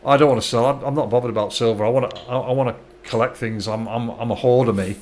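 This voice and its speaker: A chatty man in middle age, talking to his viewers as he streams. He is friendly and easygoing, often repeating words and restarting his sentences, in a mid-pitched voice. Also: steady tone, quick pace, darkish tone, a little hiss or hum. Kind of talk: casual live-stream chat.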